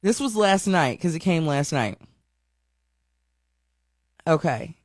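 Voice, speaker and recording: A woman hosting her own online show, telling a story in a chatty, animated way with lots of fillers and restarts. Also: low-pitched, takes it slowly, no room sound, clean studio sound. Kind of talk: casual livestream chat.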